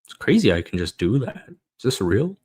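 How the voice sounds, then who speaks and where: A man's voice: medium pitch, big pitch swings, normal speed, a little mellow, slightly rough. A young man hosting a football podcast, ranting casually with frustration, swearing and laughing.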